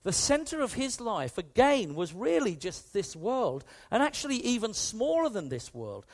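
Lively high-voiced male preacher. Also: moderate pace, few pauses. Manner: emphatic, repeats key phrases, asks the listeners questions. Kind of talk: sermon.

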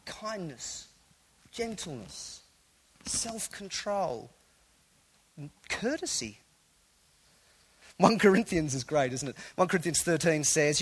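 A man preaching a sermon to a congregation in a church, animated and conversational, with playful asides. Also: fairly high pitch, takes it slowly, pauses often, slightly rough, poor audio. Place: church hall before a congregation.

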